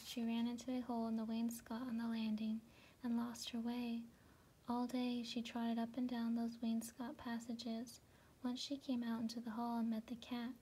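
A woman giving a relaxing reading of a children's storybook, narrating softly with some words in a whisper. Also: fairly high pitch, slight background noise, rough recording. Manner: soft, partly whispered narration. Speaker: storybook reader.

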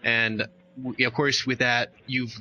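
A man's voice: medium pitch, level tone, slow pace, bright, forceful tone, dull audio, a little hiss or hum. A man hosting a podcast, asking questions in a laid-back, joking way. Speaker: podcast host. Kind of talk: casual podcast interview.

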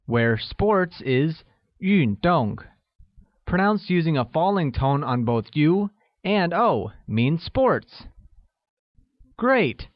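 A man narrates a scripted language lesson at an unhurried, deliberate pace, laying out each phrase for learners. His voice sits a bit high. The recording is dry and somewhat dull, like a lo-fi voice-over. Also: very animated, dry recording. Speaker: language teacher.

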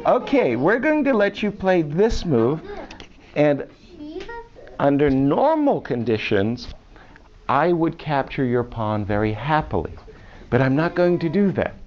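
A man with a fairly high, very animated voice speaks a little slowly as he teaches chess to a class of children, playfully quizzing them with questions. The classroom lesson was recorded on muffled video with faint hiss.

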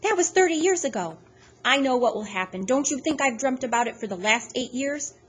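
A woman's voice: high-pitched, animated, brisk, slightly rough, pitched above the performer's own voice. A woman reading aloud, voicing an anxious elderly grandmother who is close to tears. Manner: distressed, pleading. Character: upset elderly grandmother, fearful and tearful.

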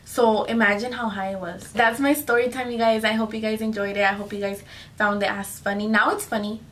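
A woman's voice: mid-range voice, little pitch movement, a little fast, fairly bright tone, recorded from a distance, slight background noise. A young woman telling a casual storytime to her viewers, chatty and full of "like" and "you guys", slipping into Spanish phrases. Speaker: vlogger.

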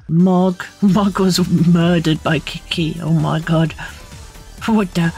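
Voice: mid-range voice, flat delivery, slow pace, darkish tone, faint music behind. A streamer giving casual gaming commentary in a playful way, often muttering whispered sound effects and repeating filler words.

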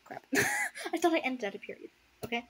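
A woman's voice: on the high side, animated, fairly quick. A woman casually reading a fan story aloud and breaking off for sarcastic, laughing commentary. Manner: sarcastic, laughs often, unscripted. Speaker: audiobook reader and commentator.

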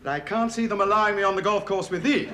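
A man's voice: sits high, fast. A man playing a father in a sitcom, blustering and good-humoured, given to chuckling. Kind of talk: sitcom acting. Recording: noisy echoey old TV sitcom recording.

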